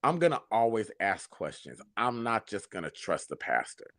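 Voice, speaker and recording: A man's voice: lowish voice, very animated, normal speed, a bit bright, no room sound, clean studio sound. A man hosting a talk show, telling stories and giving a preachy, sassy reflection that calls listeners baby. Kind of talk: casual talk show monologue.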